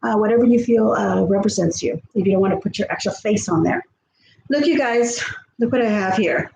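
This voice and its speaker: A woman's voice: medium pitch, fairly quick, vocal fry, darkish tone. A woman hosting a casual livestream, chatting with viewers and greeting them by name. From Texas. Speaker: livestream host. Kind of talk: casual livestream chat reading viewer comments. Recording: echoey room with faint background noise.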